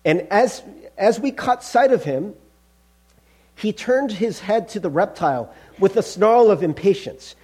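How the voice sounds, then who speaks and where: Animated, husky-voiced male pastor. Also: high voice, measured pace. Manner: animated, conversational, addresses listeners as friends. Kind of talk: sermon.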